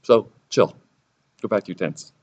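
A man's voice: on the low side, moderate pace, a little mellow, muffled recording. A man teaching a Bible lesson sermon-style, sarcastic and theatrical, raising his voice for the quoted lines.

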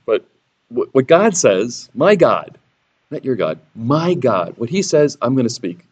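A man's voice: mid-range voice, big pitch swings, measured pace, a little mellow, slightly rough, highs cut off. A man teaching a Bible lesson sermon-style, sarcastic and theatrical, raising his voice for the quoted lines.

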